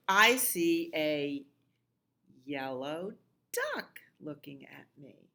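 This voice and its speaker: A middle-aged woman librarian leading a children's storytime, reading a picture book and singing in a slow, sing-song voice that leaps high on the repeated calls. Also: very animated, vocal fry, bright, forceful tone.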